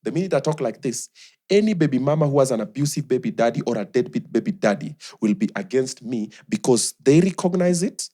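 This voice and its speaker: A man's voice: mid-range voice, expressive, a little fast, mellow. A young man with a Kenyan accent, chatting animatedly as a podcast guest and mixing in Swahili slang. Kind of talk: casual chat.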